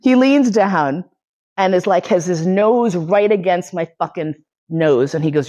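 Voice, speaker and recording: Low-voiced woman telling a profane story. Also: measured pace, dull audio. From New York City. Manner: profane, laughs often, animated. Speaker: podcast host giving a lecture. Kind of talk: casual storytelling talk.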